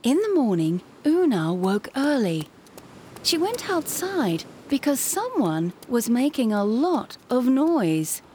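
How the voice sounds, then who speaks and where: A woman reads a children's storybook aloud at an unhurried pace, letting her pitch rise and fall expressively. Her delivery is clear and measured, and a faint hiss runs underneath the recording. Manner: slow and clearly paced, expressive. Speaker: narrator. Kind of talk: children's storybook read-along.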